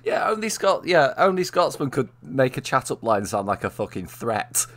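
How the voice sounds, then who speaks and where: A man's voice: medium pitch, sing-song, moderate pace, a bit bright. A man with a Manchester accent hosting a casual chat stream, joking and laughing often. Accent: Mancunian. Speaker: streamer host.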